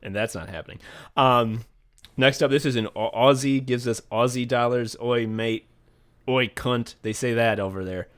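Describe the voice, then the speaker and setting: A man co-hosting a podcast in casual comedic chat, reading patron names with deadpan absurd jokes. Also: mid-range voice, moderate pace. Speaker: podcast co-host.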